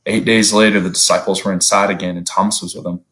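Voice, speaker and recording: A man preaching a sermon in an earnest, conversational way, often rising in pitch to stress a point. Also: level tone, fast talker, fairly bright tone, low-quality recording.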